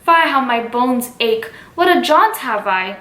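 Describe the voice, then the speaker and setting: A grumbling, dawdling old woman servant, read aloud by a woman with a high, bright voice. She complains at a slow, reading-aloud pace, with little put-on change. Her voice has a roomy echo. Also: expressive. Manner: read aloud from the script, mostly plain.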